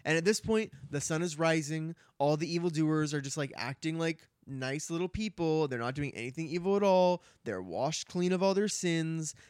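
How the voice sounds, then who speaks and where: Man, relaxed podcast co-host, chatty, slightly raised pitch, dry close mic. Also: moderate pace, hardly any pauses, clean tone, no echo. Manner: relaxed, chatty, laughs along. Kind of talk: casual book recap chat.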